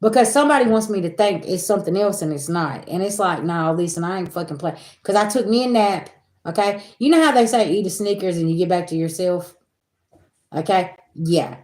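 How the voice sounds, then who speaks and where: Animated woman venting to viewers, roomy sound. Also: medium pitch, fairly quick. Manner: animated, venting, swears freely, addresses viewers as y'all. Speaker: spiritual reader and streamer. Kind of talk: casual chat with viewers. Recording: roomy echo.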